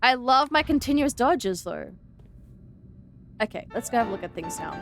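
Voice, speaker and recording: A young Australian woman streaming a game, chatting along in a loose, rambling way full of "like"s. Her voice sits a little high for a woman, and some of her R's lean slightly American. She sounds close to a desk mic. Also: expressive, normal speed, long pauses, faint music behind. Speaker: VTuber streamer. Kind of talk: casual gameplay chat.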